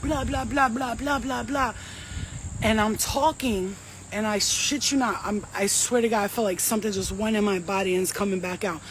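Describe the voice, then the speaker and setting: Streetwise woman medium telling a wild story, cussing a lot, mid pitch, faint hiss behind her. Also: moderate pace, rough recording. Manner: animated, profane, streetwise slang. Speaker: psychic medium and host. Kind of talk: casual storytelling to a live audience.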